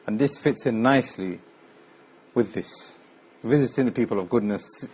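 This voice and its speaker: A man's voice: medium pitch, normal speed, a little mellow, breathy edge, rough recording. A man teaching an Islamic class, retelling stories and asking his students questions as he explains. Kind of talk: classroom lesson on hadith.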